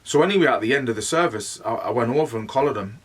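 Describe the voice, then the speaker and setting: A man's voice: medium pitch, lively intonation, fast talker, distant mic. A man with a Northeast English accent, telling his story as a medium in a rambling, chatty way, with "like" all through. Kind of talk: casual storytelling monologue.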